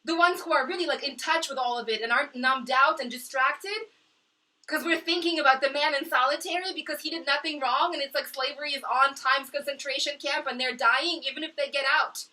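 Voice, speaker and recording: A distressed young woman speaking to camera in her small kitchenette, impassioned and profane, dropping to low mutters and rising to shouts. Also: fairly quick, recorded from a distance, low-quality recording. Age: young adult. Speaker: vlogger. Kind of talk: emotional monologue to camera.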